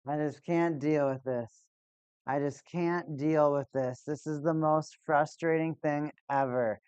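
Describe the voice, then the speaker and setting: Exasperated sarcastic streamer, smooth dry voice. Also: medium pitch, steady tone, a little slow, darkish tone, no echo, highs cut off. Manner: exasperated and sarcastic, talking to viewers. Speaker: live-stream host. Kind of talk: casual live-stream chat.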